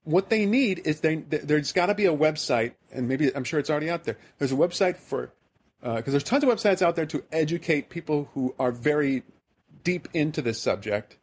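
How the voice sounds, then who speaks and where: A man's voice: a little high, expressive, brisk, slightly rough. A man from the American Midwest hosting a podcast, telling a rambling, self-deprecating story in casual chat. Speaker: podcast host.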